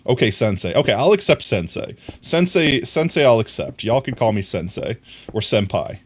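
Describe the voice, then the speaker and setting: Very animated and moderately paced, this young streamer's medium-pitched voice carries a rambling, jokey live session. As he plays he mutters to himself while crafting and teases and scolds his chat in fun.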